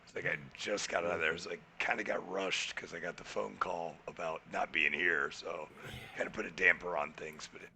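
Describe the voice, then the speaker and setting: A man's voice: low-pitched, a little fast, gravelly, a little hiss or hum. A man co-hosting a podcast, telling a story in casual chat and acting out the people in it. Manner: animated, acts out quoted people in his anecdotes. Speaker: podcast co-host.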